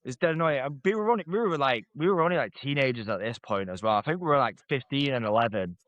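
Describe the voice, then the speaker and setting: A man's voice: mid-range voice, expressive, fast, a bit bright, dry recording, lo-fi sound. A man co-hosting a podcast, telling a sweary, rambling family story with laughs. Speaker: podcast co-host. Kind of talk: casual storytelling.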